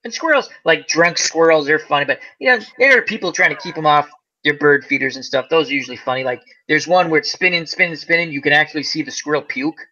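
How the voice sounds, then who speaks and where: A man's voice: fairly high pitch, fast talker, lo-fi sound. A man hosting a casual chat, telling animal stories and acting out the voices. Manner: animated storyteller, acts out voices. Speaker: host.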